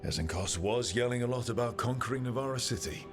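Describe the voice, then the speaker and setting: A man's voice: medium pitch, fast talker, music in the background, close to an everyday voice. An actor playing a practical male adventurer hero in video game dialogue, speaking in a dry, matter-of-fact way.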